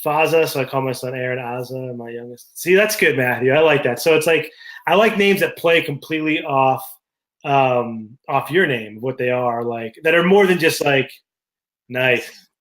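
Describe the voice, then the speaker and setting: A man's voice: mid-range voice, moderate pace, fairly bright tone. A man co-hosting a casual show, telling rambling anecdotes with many fillers. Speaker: podcast co-host. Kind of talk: casual chat.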